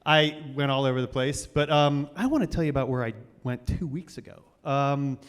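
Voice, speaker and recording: A man's voice: mid-range voice, steady tone, moderate pace, clean tone. A man in his forties hosting a live storytelling show, rambling and self-deprecating, with many fillers and restarts. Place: stage of a cultural center hall. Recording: reverberant live hall.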